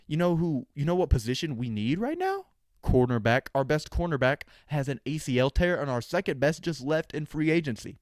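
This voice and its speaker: A man's voice: on the high side, very animated, brisk, darkish tone, no echo, clean studio sound. A young man hosting a sports podcast, talking casually with sarcastic, opinionated jokes. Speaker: podcast host.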